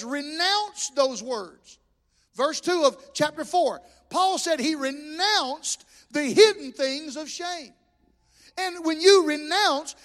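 Male preacher, very high pitch, fervent delivery with stammered restarts, recorded in an echoey sanctuary. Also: a bit bright. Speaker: pastor. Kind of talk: sermon. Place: church sanctuary. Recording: long echoing reverb of a church hall.

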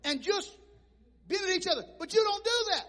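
A man pastor preaching a sermon, telling stories and moving between quiet asides and loud shouted points. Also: very high voice, brisk, big-room sound. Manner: animated storytelling preacher who swings between soft asides and shouting.

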